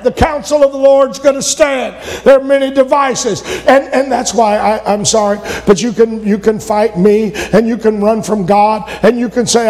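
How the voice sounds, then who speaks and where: A man preaching a sermon, retelling a story with shouted emphasis and voiced characters. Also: extremely high pitch. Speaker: pastor. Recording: long hall reverb.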